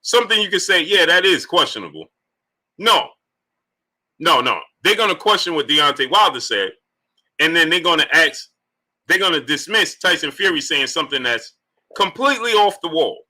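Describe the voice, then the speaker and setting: Bright-voiced man hosting a livestream. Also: fairly high pitch, moderate pace. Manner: animated, greets viewers by name between points. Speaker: livestream host. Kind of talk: live-stream commentary reading out chat.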